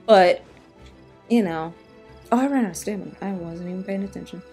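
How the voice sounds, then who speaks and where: A tired woman with a hoarse voice, chatting casually and exclaiming to herself as she plays a video game. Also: medium pitch, fairly quick, over music. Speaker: gaming YouTuber. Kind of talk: casual gameplay commentary.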